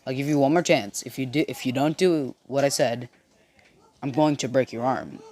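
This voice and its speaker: A young narrator quoting a cold, menacing teenage boy gone bad, delivered in a flat, threatening tone. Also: medium pitch, normal speed, close to an everyday voice. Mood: cold threat.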